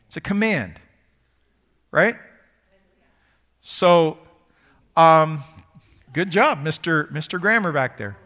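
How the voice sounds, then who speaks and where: A man's voice: a little high, expressive, slow pace, long pauses, sharp tone, in a large hall. A man preaching a sermon to a live congregation, teaching in a conversational way and quizzing the audience.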